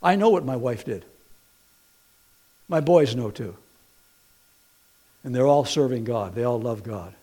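A middle-aged pastor delivers an animated sermon, moving between quiet and loud as he tells stories with folksy, playful asides. His mid-range voice is unhurried, with long pauses.

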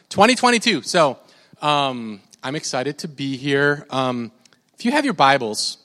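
A man preaching a sermon in a church, animated and leading the congregation in call-and-response. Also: mid-range voice. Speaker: pastor. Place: church sanctuary. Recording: long hall reverb.

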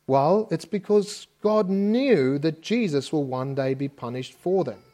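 A man's voice: a little high, expressive, a little slow, dark tone. A man preaching a sermon as pastor, in a conversational way with homely stories from family life and frequent checks like "okay?". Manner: conversational preaching with personal anecdotes; frequent restarts, asks listeners "okay?".

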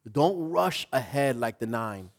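A male pastor preaching a sermon in an animated way, rising to loud emphasis. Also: mid-range voice, unhurried.

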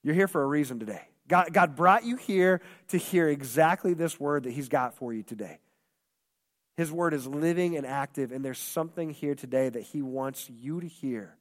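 A man's voice: fairly high pitch, normal speed. A man preaching a sermon as pastor, impassioned and repetitive, acting out quoted voices. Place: church hall. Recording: long hall reverb.

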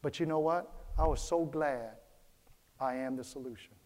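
With a mid-range, slightly mellow voice at normal speed, a pastor gives a sermon to his congregation. He leans on repetition of key phrases and keeps calling for the crowd's response, sounding thoroughly preacherly.

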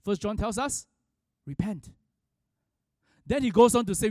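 A man's voice: high-pitched, measured pace, long pauses, mellow, no room sound, studio quality. A man preaching a sermon, telling a story with frequent restarts and rising for emphasis. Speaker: pastor.

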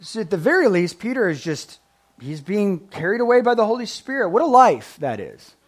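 A man with a high-pitched voice preaches a sermon. His pitch leaps around as he swings from loud, emphatic lines to quiet asides. He reads scripture and laughs at his own jokes. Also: sing-song, fairly quick. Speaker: pastor.

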